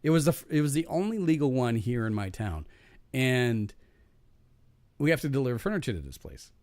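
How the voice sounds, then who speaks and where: A man's voice: medium pitch, sing-song, normal speed, a little mellow, no echo. A man in a casual podcast chat, telling profane, rambling stories from his jobs with frequent restarts and laughing at his own punchlines.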